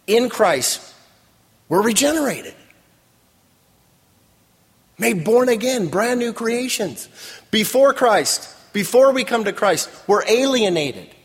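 Husky guy preaching in a church, kinda high voice, big reverb. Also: very animated, slow pace, pauses often. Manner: preaching with rising emphasis and call-and-response. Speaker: pastor. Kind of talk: sermon. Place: church sanctuary. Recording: long reverb in a large hall.

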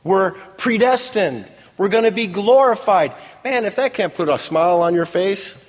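Husky preacher in an echoing hall. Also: male voice, high voice, normal speed. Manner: preaching with rising emphasis and call-and-response. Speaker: pastor. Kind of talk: sermon. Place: church sanctuary. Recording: long reverb in a large hall.

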